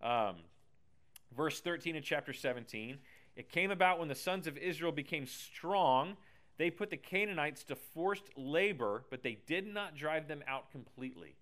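A man's voice: on the high side, animated, normal speed, a bit bright. Chatty man teaching a Bible lesson. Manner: chatty, keeps asking "right?", paraphrases scripture in slang.

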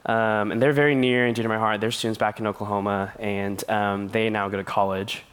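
A man's voice: lowish voice, little pitch movement, fairly quick, a bit bright, clean tone. A man preaching as a youth pastor, telling stories with playful voices and laughter. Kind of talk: sermon.

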